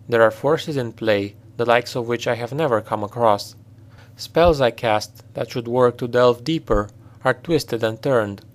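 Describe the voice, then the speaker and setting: A man reading a storybook voices a grave, secretive male necromancer who speaks in a measured, cryptic way. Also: medium pitch, natural voice. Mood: guarded.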